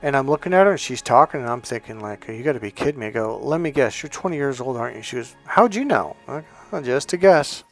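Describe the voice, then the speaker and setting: A man's voice: mid-range voice, very fast, few pauses, faint music behind. A man in his fifties, a dating coach giving a blunt, profane, emphatic motivational monologue. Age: 50s.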